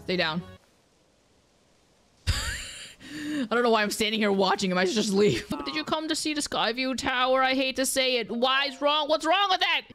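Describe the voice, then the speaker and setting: A young woman streaming a video game, chatting, swearing, laughing and yelling at what happens on screen. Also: high voice, very animated, normal speed, pauses often. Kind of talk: live gameplay commentary.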